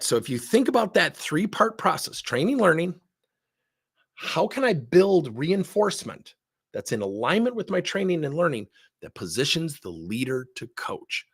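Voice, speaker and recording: A middle-aged man giving an energetic webinar talk as a training consultant, with a husky voice. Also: medium pitch. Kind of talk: webinar presentation.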